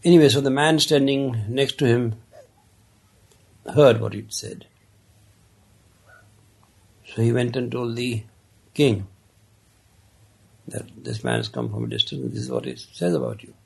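Gravelly, husky-voiced man telling a parable. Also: medium pitch, big pitch swings. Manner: unhurried, conversational, many asides. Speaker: storyteller. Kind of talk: casual spoken storytelling of a parable.

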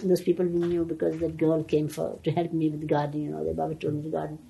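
An older woman reminiscing in an animated way, often laughing and restarting her sentences. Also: low-pitched, quick pace, gravelly, a little hiss or hum, rough recording. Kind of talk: reminiscing storytelling.

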